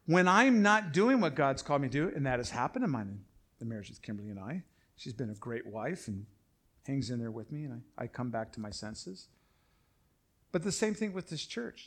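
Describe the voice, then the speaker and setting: A middle-aged man delivers a sermon from the pulpit in a somewhat raised voice for a man. He is emphatic and repetitive, often slowing down so that his main points land. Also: fairly high pitch, fairly bright tone, slightly rough. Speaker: pastor.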